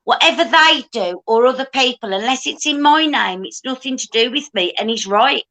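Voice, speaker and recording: A woman's voice: sits high, expressive, normal speed, sharp tone, low-quality recording. A woman hosting a casual livestream chat, talking emphatically.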